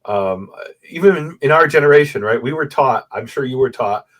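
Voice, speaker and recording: Medium in pitch and normal in speed, this man is a guest scholar of Bible manuscripts talking over a video call in front of a bookshelf photo backdrop. He lays out his research step by step in an animated way, often adding "right?" to check in.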